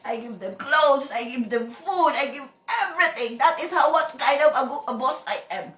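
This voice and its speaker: A woman's voice: high-pitched, animated, normal speed, a bit bright, reverberant. A woman with a Filipino accent talking to camera in a rambling, emphatic vlog monologue, repeating herself and breaking into laughs. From Philippines. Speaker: vlogger.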